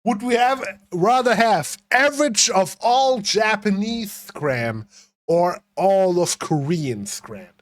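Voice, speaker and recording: A man's voice: sits high, animated, takes it slowly, no room sound. A young man streaming a game, chatting casually with viewers, rambling and swearing freely. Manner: swearing, rambling, talking to chat. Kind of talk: casual livestream commentary.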